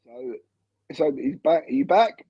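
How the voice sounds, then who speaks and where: A man co-hosting a casual football podcast over a video call, talking in a relaxed, rambling way. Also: a little high, measured pace, creaky, slightly rough, no room sound. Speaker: podcast co-host. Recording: dull, dry lo-fi call audio.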